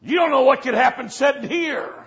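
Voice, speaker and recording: A preacher delivering a fiery revival sermon in church, moving from low storytelling to shouted warnings. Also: male voice, brisk, creaky. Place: church service. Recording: dull lo-fi recording.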